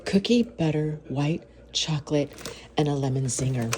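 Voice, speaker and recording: A woman's voice: low-pitched, lively intonation, measured pace, a little mellow, slight background noise. A woman food vlogger unboxing and tasting baked goods in her kitchen, gasping and gushing as she goes. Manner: gushing, gasps and moans over food. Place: home kitchen.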